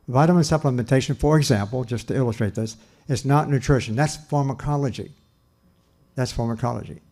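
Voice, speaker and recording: Older male scientist lecturing; mellow, earnest, emphatic, repeats himself. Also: on the high side. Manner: earnest, emphatic, repeats phrases with pauses and restarts. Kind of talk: public lecture.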